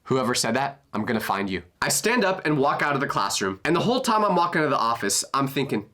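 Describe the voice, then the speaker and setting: Young man, 20s, comedic storyteller; bright, animated, self-mocking. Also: mid-range voice, quick pace, few pauses.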